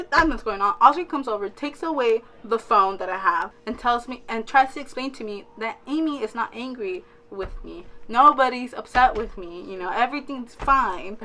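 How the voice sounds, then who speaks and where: Bright-voiced young woman telling a story. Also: fairly high pitch, slight background noise. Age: young adult. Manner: animated, acts out quotes of herself and friends; fillers and restarts, frequent "all right?" asides. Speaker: vlogger. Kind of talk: casual storytime.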